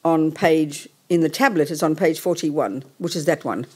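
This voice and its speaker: A woman's voice: deep voice, normal speed, dark tone, breathy edge. Blunt older woman teaching. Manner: blunt, outspoken, bossy. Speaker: Buddhist nun teacher. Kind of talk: casual teaching talk.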